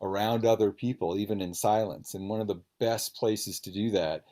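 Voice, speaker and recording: A man with a low, warm voice interviews a fellow author. He speaks earnestly and with emphasis, talking at length. It sounds like a conversation held over a video call. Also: steady tone, normal speed. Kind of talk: book event conversation.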